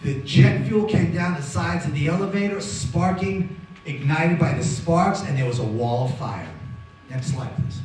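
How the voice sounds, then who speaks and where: A man's voice: fairly high pitch, normal speed, darkish tone, a little hiss or hum. A man, telling a dramatic survival story to an audience as a guest speaker. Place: hall with audience. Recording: very echoey hall from far off.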